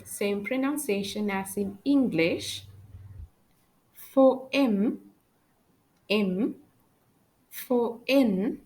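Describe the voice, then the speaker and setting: A woman teaching French, pronouncing letters and words slowly and carefully one at a time. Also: medium pitch, poor audio. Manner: slow, careful letter-by-letter pronunciation. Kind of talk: slow spoken language lesson.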